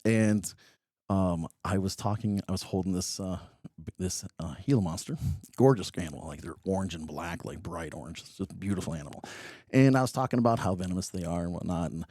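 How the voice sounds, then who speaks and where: Joking man with a low mellow voice. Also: fairly quick, no room sound, clean studio sound. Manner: joking storyteller, many ums. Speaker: reptile expo guest. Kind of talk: casual podcast chat.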